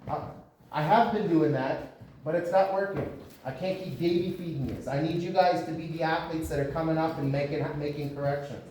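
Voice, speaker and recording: A man's voice: on the high side, fairly quick, warm tone, slight background noise. A man from Canada, a boxing coach giving his fighters a blunt talk about speaking up, in a gym. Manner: blunt, lecturing. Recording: echoey gym from far off.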